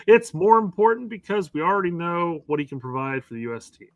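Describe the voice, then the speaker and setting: Co-host: middle-aged man, high-ish bright voice, salty and animated, dry close sound. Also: a little fast, no echo, muffled recording. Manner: profane and animated, with joking quoted asides. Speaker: podcast co-host. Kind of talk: casual soccer chat.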